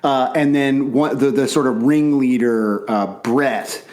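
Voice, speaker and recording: A man's voice: medium pitch, fairly even intonation, measured pace, a little mellow. Podcast co-host, man in his thirties, from Canada; rambling, self-deprecating, swears freely; remote call mic. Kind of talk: casual podcast chat over a call.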